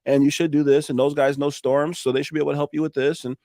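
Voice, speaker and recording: A man, a roofing contractor, telling animated stories on a podcast, acting out the dialogue and swearing now and then. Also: fairly high pitch, fast talker, no room sound, studio quality. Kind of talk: casual storytelling on a podcast.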